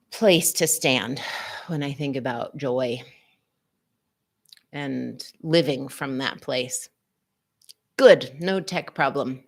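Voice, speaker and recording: A woman hosts a live-stream wellness talk as a physical therapist and psychotherapist, with a slightly low voice. She greets viewers by name and reads their comments aloud. Her delivery is expressive, moving between soft asides and emphatic stresses.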